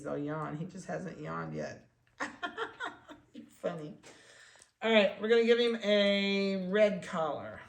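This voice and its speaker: A dog breeder in a casual chat, handling puppies and talking to them in soft baby talk between explanations. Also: medium pitch, creaky. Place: indoor room of a home. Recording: echoey room, faint background noise.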